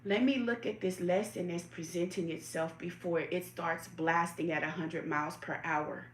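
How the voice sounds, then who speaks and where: A woman's voice: fairly low pitch, steady tone, normal speed, slight background noise. A woman hosting a live tarot stream, asking her viewers reflective questions and greeting them by name. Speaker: tarot reader hosting a livestream. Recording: roomy echo.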